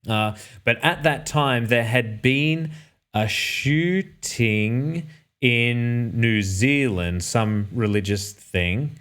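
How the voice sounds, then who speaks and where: A man's voice: mid-range voice, extremely slow, a bit bright, smooth. An Australian man telling a personal travel story in a casual, rambling way, often correcting himself and dropping dry asides. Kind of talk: casual anecdote.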